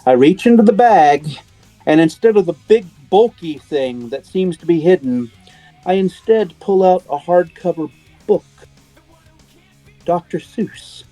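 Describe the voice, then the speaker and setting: A man's voice: high voice, animated, mellow, no echo, soft background music, rough recording. A man playing a tabletop wrestling game, speaking his character's promo in a theatrical, mocking way. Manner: slow, theatrical, mocking delivery. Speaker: player.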